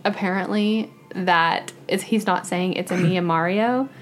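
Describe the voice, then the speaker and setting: A woman hosting a casual podcast, teasing her co-host in an animated way and laughing often. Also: on the low side, measured pace, faint music behind. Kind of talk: casual chat.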